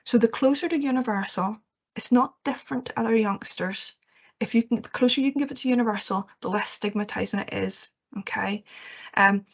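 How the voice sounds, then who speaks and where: A woman giving a training presentation to teachers, earnest and reassuring, often checking in with "okay". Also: mid-range voice. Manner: earnest, reassuring, with frequent okays and ums. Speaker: education trainer. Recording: muffled lo-fi recording.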